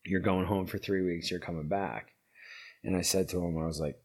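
A middle-aged man with a deep, low voice tells a story as an interview guest. His talk is loose and rambling, packed with fillers. He gets loud and animated, then drops to a hushed near-whisper. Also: moderate pace. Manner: rambling, filler-heavy, loudness swings from lively to hushed. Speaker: interview guest, founder of a veterans' horse program. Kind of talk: casual storytelling.

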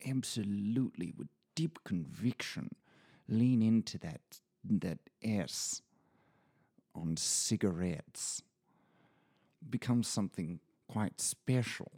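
A man with a husky voice that swings widely in pitch chats off-script in a recording studio. He sounds tired and punchy, and he keeps slipping into mock-British pub talk. He talks at an unhurried, drawn-out pace. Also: expressive, mellow. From Washington State, USA. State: punchy and tired after a long day. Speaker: audiobook reader. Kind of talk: rambling off-script chat.

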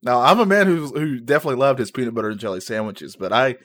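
A man's voice: medium pitch, fast, a bit bright. A man co-hosting a podcast in casual chat, joking and laughing often, for whom English is not his first language. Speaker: podcast co-host. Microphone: new podcast microphone.

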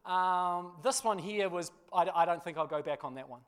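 A man preaching, telling a funny personal story with laughter before turning to a quieter sermon. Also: high-pitched, normal speed, smooth. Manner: animated storyteller, laughs through the tale, drops quiet for scripture. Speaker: pastor.

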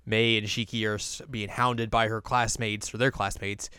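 A man's voice: fairly low pitch, flat delivery, moderate pace, pushed and bright, smooth, dry recording, clean studio sound. Chatty young man hosting a podcast. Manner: chatty, acts out quotes in silly voices. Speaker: podcast host. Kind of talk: casual recap chat.

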